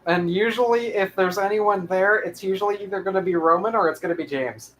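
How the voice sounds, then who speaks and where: A man's voice: sits high, fairly quick, fairly bright tone, slight background noise. A young man hosting a history channel, wrapping up an episode in rambling casual chat full of restarts and fillers. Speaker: channel host.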